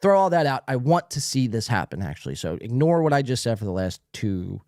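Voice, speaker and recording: A man's voice: mid-range voice, big pitch swings, brisk, darkish tone, no echo, studio quality. A man hosting a podcast, giving sarcastic, mocking commentary on video clips with lots of swearing. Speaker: podcast host.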